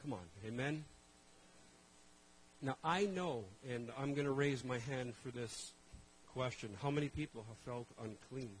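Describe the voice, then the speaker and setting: A man preaching a sermon, telling stories in an animated way and calling out to the congregation. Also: mid-range voice, a little slow, a little hiss or hum, poor audio. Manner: animated storytelling, calls to the congregation. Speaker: pastor.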